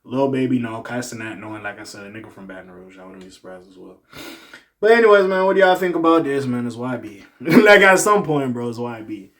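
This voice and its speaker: A man runs a casual hip-hop news commentary in a relaxed, way. He jumps from loud, excited reactions to quiet muttered side comments. His voice sits at an ordinary mid pitch for a man. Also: a little fast. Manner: animated, swings from loud exclamations to low muttered asides. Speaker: commentary channel host.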